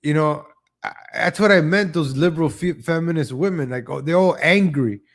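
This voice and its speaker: A man with a slightly higher voice, hosting a live show and ranting casually. He is sarcastic and opinionated and jumps from topic to topic. He often stumbles over his first words and mocks other people in exaggerated voices. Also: moderate pace. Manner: repeats words at the start of sentences. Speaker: host of a live online show.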